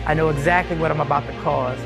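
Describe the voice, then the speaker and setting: A man delivering a comic stand-up style monologue, animated and mocking the voices of others. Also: fairly high pitch, fast, vocal fry, loud music behind the voice. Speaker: comedian.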